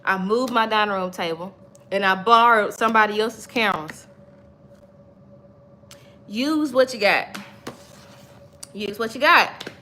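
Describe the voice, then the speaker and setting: A woman's voice: medium pitch, a little slow, long pauses, pushed and bright, slight background noise. A woman hosting a motivational livestream from home, encouraging viewers, laughing often and reading their comments aloud. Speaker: livestream host.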